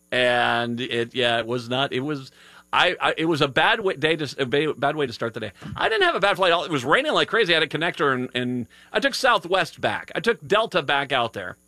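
A man's voice: fairly high pitch, pushed and bright, dry recording. A tired man hosting a live radio show, chatting casually and rambling with many restarts. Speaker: radio host. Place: radio studio.

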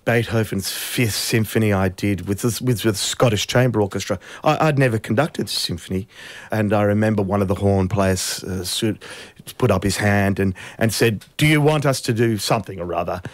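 Brief: middle-aged conductor from Australia, anecdotal, slightly low voice, dry sound. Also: male voice, steady tone, moderate pace, no echo. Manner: anecdotal, acts out quoted voices with rising pitch. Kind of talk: interview storytelling.

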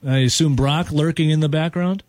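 A man's voice: fairly high pitch, fairly even intonation, a little mellow. A man hosting a sports radio show, teasing and joking in casual banter with his co-host and a caller. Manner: joking, teasing, quick asides. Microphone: studio microphone.

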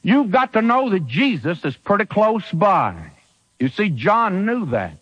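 A man preaching an emphatic sermon, his high voice leaping up and down as he drives each point home with rhetorical questions. The sound is dull and lo-fi, like an old radio broadcast. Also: sing-song, a little slow, a bit bright.

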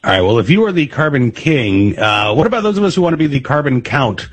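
Husky male radio host asking halting questions. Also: medium pitch, sing-song. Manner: halting, repeats words when asking. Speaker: radio talk show host. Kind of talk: radio interview.

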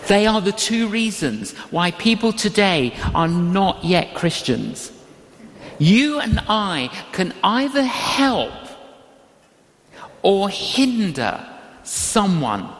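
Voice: medium pitch, sing-song, slow, fairly bright tone. An older preacher delivering a sermon in an emphatic, repetitive style and telling a personal story, heard in a reverberant hall.

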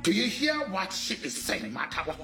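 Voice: medium pitch, wildly swooping pitch, normal speed, echoey room. A performer playing a stern, proud middle-aged father, angry and lecturing. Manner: angry, lecturing, shouting bursts. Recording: distant mic, faint music.

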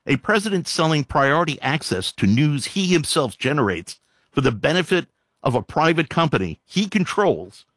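A man's voice: mid-range voice, fairly bright tone, no room sound. A man reading news items aloud and breaking off into sarcastic, exasperated commentary with frequent sighs.

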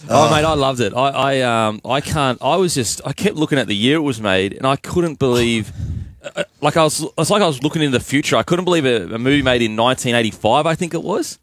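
A man's voice: mid-range voice, lively intonation, fast talker. A man in casual chat, earnestly thinking aloud about a film.

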